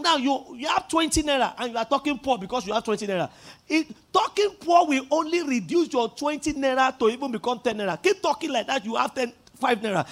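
Preaching with great emphasis, a male pastor with a Nigerian accent and a very high voice has the congregation echo his lines, and at times he rises to shouting.

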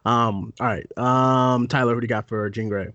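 A man's voice: medium pitch, steady tone, moderate pace, a bit bright, no room sound, dull audio. A man hosting a casual movie podcast, loose and chatty, swearing now and then. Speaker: podcast host. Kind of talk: casual chat.

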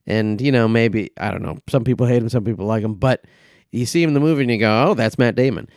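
A man's voice: mid-range voice, fast talker, darkish tone, dry recording, clean studio sound. A man co-hosting a comedy movie podcast, rambling through a casual review with lots of ums and profane outbursts. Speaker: podcast co-host.

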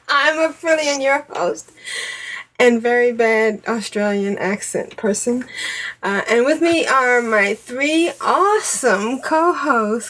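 A woman hosting a casual gaming podcast, upbeat and quick to laugh. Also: fairly high pitch, animated, fairly bright tone, poor audio. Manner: giggly, upbeat, playful. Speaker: podcast host. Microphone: online call.

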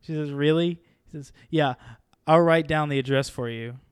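A man in casual chat with a friend, excitedly retelling sitcom scenes and acting out the characters' lines. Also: on the high side, moderate pace, smooth, no echo, clean studio sound. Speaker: podcast co-host.

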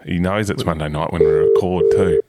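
A man's voice: low-pitched, fairly even intonation, a little fast. A man co-hosting a podcast, trading jokey, teasing banter. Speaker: podcast co-host. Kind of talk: casual chat. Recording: loud background noise.

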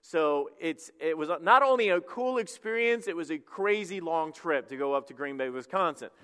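A middle-aged man preaching a sermon in church, telling a personal story with self-deprecating humor and quick restarts. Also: on the high side, animated, a bit bright, smooth. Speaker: pastor. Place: church sanctuary. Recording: echoey church hall.

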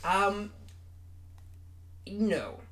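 A man's voice: sits high, drawn-out words, a crowd in the background. A man doing a pompous rock-star god with a put-on British accent. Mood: grandiose. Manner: loud, grandiose and theatrical. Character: pompous self-proclaimed god rock singer, male adult. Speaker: mock interview guest. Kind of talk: improvised comedy interview.

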